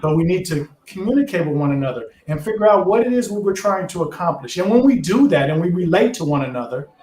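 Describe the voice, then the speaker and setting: A man's voice: high voice, very animated, fast, a little mellow. A man speaking earnestly and reflectively as a guest in a panel talk. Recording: roomy echo.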